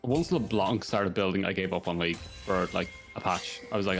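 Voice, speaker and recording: A man's voice: deep voice, normal speed. A man casting a live esports match, rattling off play-by-play with rambling asides. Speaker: esports caster. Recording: music playing underneath.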